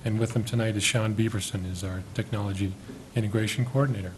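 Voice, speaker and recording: A man chairing a school board meeting, friendly and a little halting, unsure of how to say some names. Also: on the low side, fairly even intonation, a little hiss or hum, poor audio. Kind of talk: meeting proceedings.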